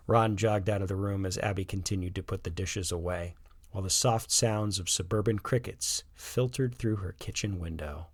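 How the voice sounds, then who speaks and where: A man narrating a scripted story in a calm, even manner. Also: sits low, moderate pace, no echo.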